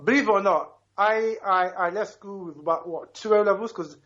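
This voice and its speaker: A man in his fifties from Ghana phones into a talk show, making his points with emphatic passion and a fairly high voice. He keeps checking in with his listener as he talks. The sound is muffled and narrow, as if coming over a telephone line. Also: moderate pace, a bit bright. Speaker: caller. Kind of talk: call-in radio talk.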